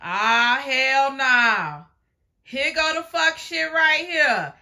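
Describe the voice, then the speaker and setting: A woman's voice: sits high, very slow, sharp tone. A woman hosting a reaction video, commenting on a clip in a sassy, teasing way.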